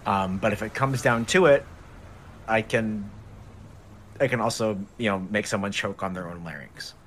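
A man's voice: lowish voice, normal speed, fairly bright tone, slight background noise. A man playing a tabletop game, planning aloud and stammering over restarts. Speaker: player. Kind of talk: tabletop role-play chat.

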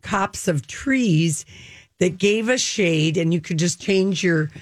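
A middle-aged woman telling a lively story in casual chat, her pitch leaping up for emphasis. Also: slow pace, dry recording. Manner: animated storyteller, exaggerated pitch jumps.

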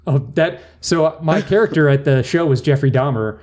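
A man's voice: fairly high pitch, moderate pace, a little mellow. A man hosting a podcast in a casual round-table chat, rambling and often restarting his sentences. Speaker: podcast host.

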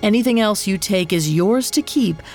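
A woman voicing a one-eyed male warrior chief who speaks in a slow, low, measured way. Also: lively intonation, darkish tone, soft background music, close to an everyday voice.

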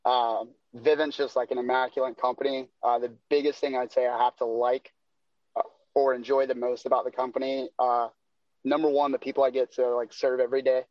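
A man's voice: medium pitch, flat delivery, brisk, no echo. A laid-back man talks casually on a podcast, rambling and leaning on fillers. His voice sounds slightly muffled and dry, close to the mic. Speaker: podcast guest, door-to-door salesman. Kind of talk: casual chat.

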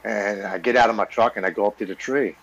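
A man's voice: on the low side, steady tone, fast talker, fairly bright tone, muffled recording. A man in his forties, a podcast guest, earnestly telling his recovery story in a blunt, swearing, casual way.

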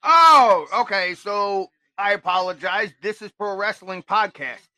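A man hosts a casual live watch-along, talking in a rambling, excitable way full of fillers. His voice sits high and sounds bright and forceful. The sound is dry, with no room echo. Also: a little slow. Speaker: podcast host.

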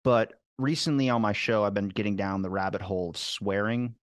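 Animated man hosting a podcast, dry sound. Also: on the low side, fairly quick, dry recording. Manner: animated storyteller, swears freely. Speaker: podcast host. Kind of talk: casual chat.

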